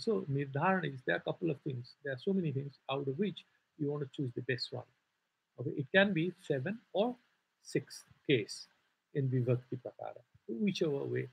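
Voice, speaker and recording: A man's voice: on the high side, a little fast, vocal fry, slightly rough, rough recording. A man with an Indian accent teaching a scripture class, explaining in a loose, digressive way full of "sort of" asides. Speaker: Vedanta teacher.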